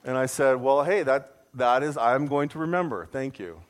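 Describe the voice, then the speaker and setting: A man preaching a sermon, telling a personal story with self-deprecating humor and jumping into a high voice to mimic his own outrage. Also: normal speed. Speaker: pastor.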